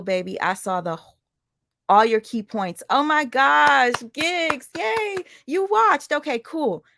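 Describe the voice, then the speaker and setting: A woman chats loosely to her stream audience, wandering from one aside to the next. Her voice sits at a middle pitch. The sound is close and dry, with no room echo. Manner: chatty, addresses viewers directly, rambling asides. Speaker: livestream commentator. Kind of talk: casual livestream chat.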